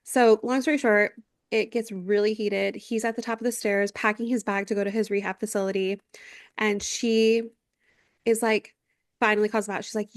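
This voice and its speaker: A woman's voice: mid-range voice, steady tone, normal speed, no room sound, studio quality. A woman in her thirties co-hosting a podcast, telling a story in casual chat, acting out quotes and swearing freely. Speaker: podcast co-host. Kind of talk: casual chat recapping a reality show.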